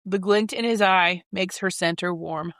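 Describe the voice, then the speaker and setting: A woman hosting a podcast, recapping a book's plot in a deadpan way and often breaking into giggles. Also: on the low side, normal speed, no echo, studio quality. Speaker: podcast host summarizing a book. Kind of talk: casual chat.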